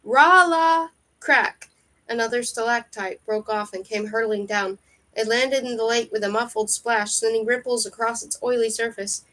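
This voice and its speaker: A woman reading a fantasy novel aloud in steady storybook narration. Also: a little high, moderate pace, rough recording. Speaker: reader.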